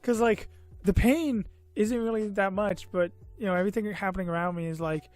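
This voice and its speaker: Fairly quick and steady in tone, this man's high voice carries a rambling personal story on his vlog. He's tired and a little silly, peppering his talk with "uh" and "you know" and self-mocking remarks as faint music plays.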